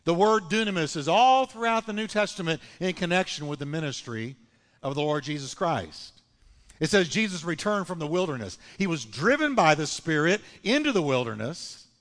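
A man preaching a sermon as pastor, with emphatic, drawn-out phrases and call-and-response with the congregation. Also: a little high, big pitch swings, a bit bright, in a large hall. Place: church sanctuary.

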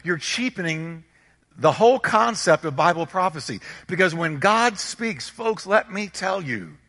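A male pastor delivering an emphatic sermon in a high, bright, forceful voice. He hammers his points home with repetition and rhetorical questions. A long reverb trails behind him, as if in a large hall. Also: expressive, normal speed. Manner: emphatic, repeats phrases, rhetorical questions to the congregation.

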